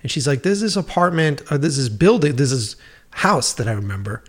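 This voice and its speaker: Profane, animated man telling filmmaking stories. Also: a little high, brisk, husky. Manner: profane, animated storyteller acting out quoted dialogue. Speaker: filmmaker guest. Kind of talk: casual storytelling chat.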